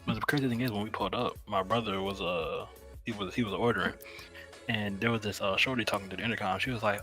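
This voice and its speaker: A young man with a lower voice that still has a forceful, bright edge tells laid-back stories in casual chat. He keeps checking in with his listeners, and faint music plays behind him. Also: fairly even intonation, fast. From Mississippi. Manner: laid-back storytelling, keeps saying "you feel me". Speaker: podcast co-host.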